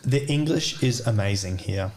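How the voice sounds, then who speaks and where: A man's voice: on the low side, animated, normal speed, a little mellow, slight background noise. A man with an Australian accent chatting as a podcast guest, rambling and full of filler words. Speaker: guest, DJ and music producer. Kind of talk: casual podcast chat.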